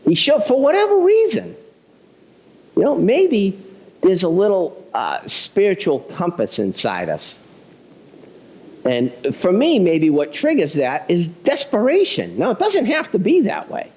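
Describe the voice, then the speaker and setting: A male pastor delivering a conversational, self-deprecating sermon, telling a story with animated delivery. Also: high-pitched, unhurried, rough recording.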